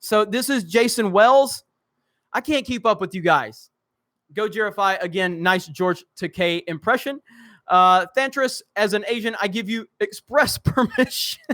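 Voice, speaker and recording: A young live streamer with a Southern drawl reads viewers' comments out loud in a bright, forceful, high-pitched voice. He races through, fumbling and restarting lines, then chuckles at himself with self-mocking humor.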